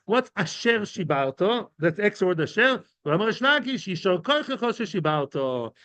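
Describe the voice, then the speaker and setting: In a relaxed Talmud class for men, the teacher explains every term using everyday examples, chatting with the group and often asking "right?" and "yeah?". He speaks at a normal speed in a high, sing-song voice with a fairly bright tone, and there's no echo.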